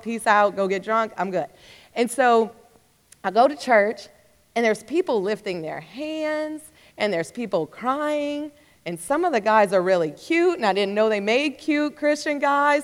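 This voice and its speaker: A woman with a high voice tells her personal testimony to a live audience. She talks in an animated, lively way and acts out what she used to think. Her voice carries a long hall reverb. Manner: animated storytelling, acting out her own past thoughts. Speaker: speaker sharing her testimony.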